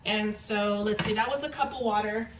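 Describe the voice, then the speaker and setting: A woman's voice: mid-range voice, steady tone, normal speed, reverberant, far from the mic, background noise. A young woman vlogging in her home kitchen, chatting casually and swearing freely as she tells a story while cooking. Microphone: camera away from the cook.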